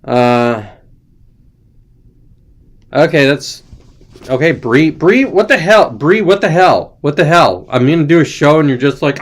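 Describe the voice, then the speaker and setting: A man's voice: medium pitch, expressive, moderate pace. A young adult man hosting a casual chat show, rambling and irreverent, joking loosely, sounding tired. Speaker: host.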